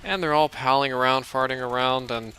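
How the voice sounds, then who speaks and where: A man casually narrating a long dream, with a very bright, cutting tone. He rambles with fillers, restarts and laughs as he goes. A faint hiss sits behind him. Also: mid-range voice, fairly even intonation, fairly quick. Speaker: gaming channel host.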